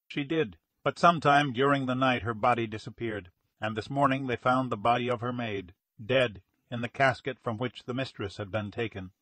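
A man doing an excited good-natured policeman. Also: mid-range voice, moderate pace, hardly any pauses, no room sound, lightly acted.

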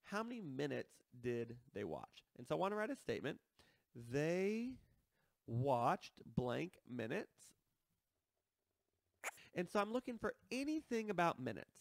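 A man's voice: sits high, big pitch swings, brisk, gravelly. A man teaching a math lesson, explaining step by step and checking in with listeners as he works through problems.

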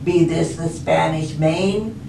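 A woman reading a picture book aloud, voicing a loud, hearty male pirate captain in a roomy space picked up from a distance. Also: slow pace, creaky, slight background noise, heavily acted. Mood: boisterous. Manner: booming hearty pirate talk. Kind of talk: storybook read-aloud.

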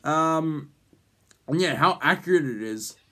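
A man's voice: on the high side, animated, a little slow, pushed and bright. A man hosting a casual vlog, rambling with lots of ums and jokey teasing. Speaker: YouTube host.

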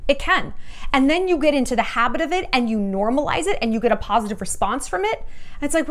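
A woman in her thirties giving relationship advice in a candid talking-head vlog, telling stories with lively acted-out quotes and frank swearing. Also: high-pitched, fast. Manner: animated storytelling, acts out her own quoted lines.

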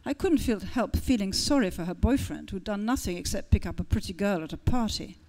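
A woman's voice: mid-range voice, fairly quick. Woman author reading her story expressively. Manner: lively storytelling, shifting tone for characters.

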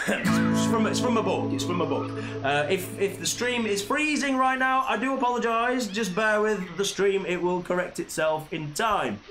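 High-voiced cheerful man leading kids' songs. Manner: cheerful, encouraging, sing-song and chatty. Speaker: children's entertainer. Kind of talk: live-streamed kids' song session. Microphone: live stream mic. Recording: echoey room, loud guitar music. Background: guitar playing.

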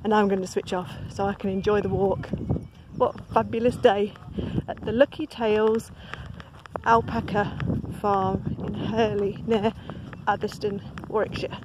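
A woman vlogging outdoors on a farm, chatty and excitable, cooing at the animals as she films on her phone. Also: mid-range voice, unhurried, noisy background. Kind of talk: casual vlog narration. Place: outdoor alpaca farm field.

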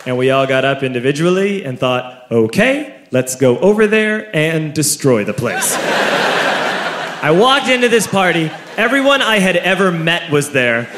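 A man in his thirties with a slightly high voice tells a stand-up story, animated and punching his lines with shouts. He's on stage in an echoey room, with a crowd laughing loudly and clear noise behind him. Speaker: stand-up comedian. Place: comedy venue with a live audience.

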